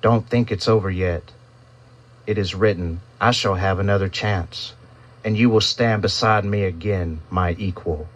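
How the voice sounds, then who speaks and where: A man's voice: low-pitched, fairly even intonation, measured pace. A man voicing a shriveled, fallen serpent creature in a pit who hisses and barks mockingly. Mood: menacing. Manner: hissing, barking, mocking.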